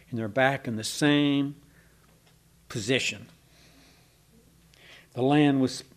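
A man's voice: mid-range voice, a little mellow. A man preaching a sermon, reading scripture aloud and stopping for casual asides. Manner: reads scripture aloud, breaking off for conversational asides.

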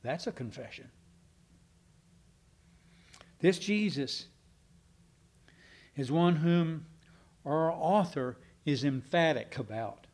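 A male pastor delivering an evening sermon to his congregation. He speaks very slowly and deliberately, leaning hard on key words, and his voice sits a little higher than most men's. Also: lively intonation, darkish tone. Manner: emphatic, with slow deliberate stresses and spoken fillers.

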